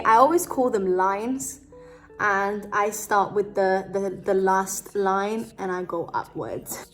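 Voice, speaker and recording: A young woman chatting casually through a beauty tutorial at home, rambling with lots of fillers and joking about herself. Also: medium pitch. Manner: rambling, full of "like" and "kinda" fillers; giggly, self-joking. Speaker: beauty vlogger.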